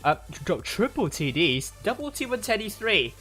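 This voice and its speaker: A man casting a live esports stream, talking in a rambling, halting way with frequent fillers and restarts. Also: sits high, sing-song, sharp tone, faint music behind. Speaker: stream caster.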